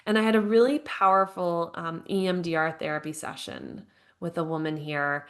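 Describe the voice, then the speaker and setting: A woman's voice: on the low side, fairly even intonation, moderate pace, a bit bright. Earnest, reflective woman in her thirties. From United States. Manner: earnest and reflective, with frequent "like" and light laughs. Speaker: podcast guest, grief counselor and author. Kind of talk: podcast interview, personal storytelling. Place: home, living abroad.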